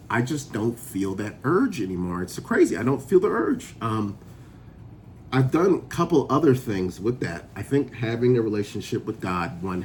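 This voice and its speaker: Low-voiced man casually telling his story. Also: slight background noise. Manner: relaxed, chatty, laughs often while telling the story. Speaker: vlogger sharing a sobriety testimony.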